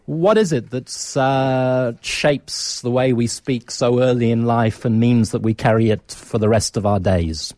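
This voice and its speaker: A man's voice: medium pitch, unhurried, hardly any pauses, a little mellow, no room sound, clean studio sound. A man with a British accent hosting a call-in radio show, friendly and a little hesitant, with fillers. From Nigeria. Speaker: radio talk show host.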